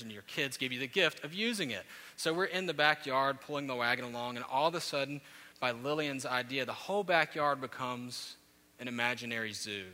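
A pastor in his thirties delivers a sermon in a church sanctuary, his medium-pitched voice very bright and forceful. His storytelling builds to loud, animated peaks before calming, and a long reverb trails every phrase.

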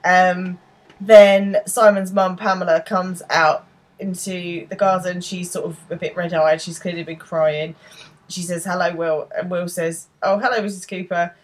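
A woman's voice: on the low side, steady tone, a little slow. A woman co-hosting a podcast, chatting casually as she recaps a TV episode and quotes its lines. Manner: retells scenes with quoted lines, laughs often. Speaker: podcast co-host.

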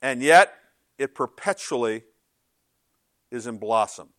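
A middle-aged man delivers a chatty, humorous sermon in a church. His voice sits at an ordinary pitch and the sound is dry and close, with no room echo. He jumps between storytelling asides and rising, emphatic preaching. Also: slow pace. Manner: animated, joking, acts out voices of others. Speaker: pastor. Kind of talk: conversational sermon.

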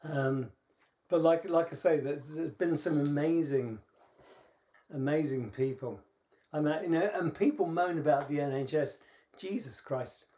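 A middle-aged British man co-hosting a podcast in casual chat, telling stories in a halting way and laughing at his own anecdotes. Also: a little high, mellow. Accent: British English. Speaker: podcast co-host.

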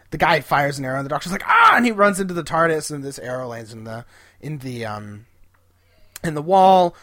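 A podcast co-host casually recapping an episode, animatedly retelling scenes and quoting characters in quick voices. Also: mid-range voice, no room sound, studio quality.

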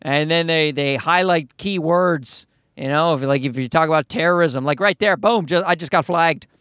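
A comedian from Newfoundland with a Newfoundland accent, rambling through a profane, self-mocking solo podcast monologue. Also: male voice, on the high side, moderate pace, fairly bright tone, smooth, no room sound, studio quality.

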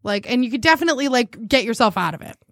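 A woman's voice: a little high, expressive, rapid-fire, no room sound, studio quality. A woman co-hosting a casual chat show, giggling often as she reads dating profiles aloud. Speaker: podcast co-host.

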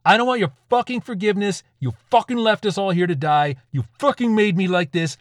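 A man's voice: mid-range voice, steady tone, takes it slowly, no room sound, studio quality, lightly acted. A man voicing a frightened, bitter Satanist in an audio story, stammering and cursing. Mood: raging. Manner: profane, stammering, shouting.

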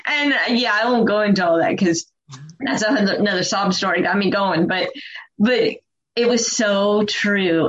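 A woman's voice: mid-range voice, slight background noise. A woman hosting a podcast interview, chatting casually and affirming her guest often. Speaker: podcast host. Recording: dull lo-fi sound.

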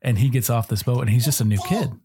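A man's voice: mid-range voice, fast talker, mellow, slightly rough. A middle-aged man co-hosting a casual faith-based parenting chat, earnest and a little preachy with joking asides. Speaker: podcast co-host.

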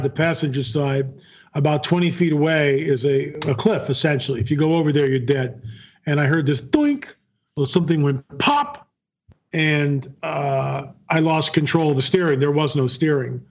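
A man, a guest filmmaker, telling a story in an interview, earnest and repeating key phrases. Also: a little high. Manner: earnest, repeats phrases, acts out quoted dialogue.

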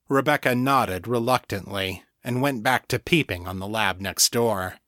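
A man narrating a serial audiobook in a steady, measured way, recorded on a close mic. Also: fairly low pitch, dry recording. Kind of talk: scripted narration.

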